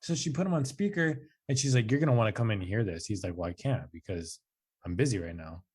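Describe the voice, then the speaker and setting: A man's voice: fairly low pitch, fast talker, husky. A man in his twenties, a podcast guest, telling a personal story casually and acting out the quoted lines with a raised voice. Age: 20s. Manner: animated, acts out quotes with raised voice; casual, says "like" and "dude" often.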